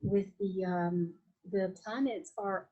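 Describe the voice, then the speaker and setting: A woman's voice: medium pitch, fairly even intonation, takes it slowly, slightly rough, dull audio. A woman with a Latin American Spanish accent, a guest on a podcast interview, talking in a flowing, reflective way with many restarts and fillers. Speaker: guest, Vedic astrologer.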